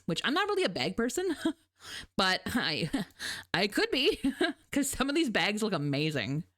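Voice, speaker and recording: A woman's voice: fairly low pitch, fairly bright tone. A woman from Canada with a Canadian accent, chatting casually on a live stream, rambling and laughing often as she reads her chat.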